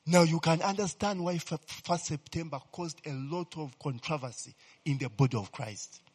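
A man preaching a sermon in a lively, animated way, often checking in with his listeners by asking if they understand. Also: fairly high pitch, normal speed, breathy edge, long reverb tail. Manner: animated, repeatedly asks "you understand, eh?".

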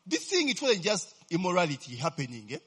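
A man's voice: high voice, huge pitch swings, brisk, a bit bright, slightly rough. A man preaching a sermon to a congregation, tagging his sentences with a questioning "eh?", prompting answers and chuckling as he goes. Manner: chuckles often mid-sentence. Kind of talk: lively sermon with audience call-and-response.

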